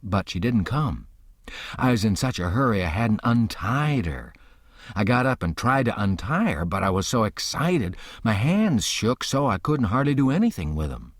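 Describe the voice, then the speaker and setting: A man's voice: fairly low pitch, sing-song, normal speed, no echo, studio quality. A man narrating a classic novel as an audiobook, telling it plainly in a boyish, folksy first-person voice.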